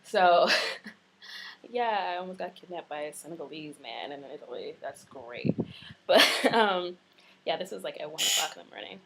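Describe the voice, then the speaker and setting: A woman's voice: low-pitched, lively intonation, normal speed, noisy background. A young woman vlogging from her apartment, telling a rambling story full of "like" and "um". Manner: rambling, filler-heavy storytelling with lots of "like". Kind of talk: casual chat. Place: apartment in Florence.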